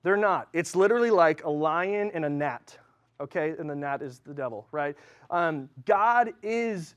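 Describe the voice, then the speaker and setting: High-voiced man preaching casually. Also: expressive, measured pace, clear, resonant tone, highs cut off. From Southern California. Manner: casual, conversational, filler-heavy with likes and ums. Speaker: pastor. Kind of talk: sermon. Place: church.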